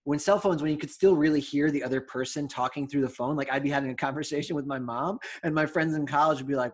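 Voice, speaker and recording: Podcast co-host, man, faint New York accent, chatty and animated, mid-range voice. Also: fairly high pitch. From New York, Long Island area. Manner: chatty, quick asides, laughs easily. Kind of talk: casual chat.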